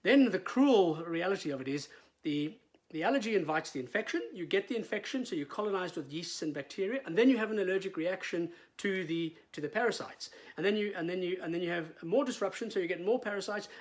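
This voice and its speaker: A middle-aged man talks casually as a vet, his voice sitting a little high for a man. He stumbles and repeats words, with plenty of "uh" and "um" as he explains. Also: lively intonation, quick pace. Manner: chatty, repeats words, many fillers. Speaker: veterinarian.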